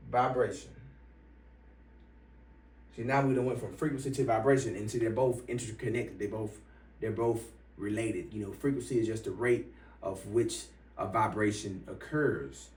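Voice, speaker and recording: A man giving a motivational money-mindset talk as an online business coach, swearing freely and punching key points louder. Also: mid-range voice. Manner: profane, emphatic, bursts louder on key points. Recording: roomy, from some distance.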